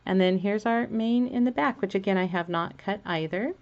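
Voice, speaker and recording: A woman's voice: medium pitch, normal speed, a little mellow. Giggly, chatty woman with dull lo-fi audio. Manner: chatty, giggly, self-amused. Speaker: crafting vlogger. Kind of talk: casual knitting tutorial chat.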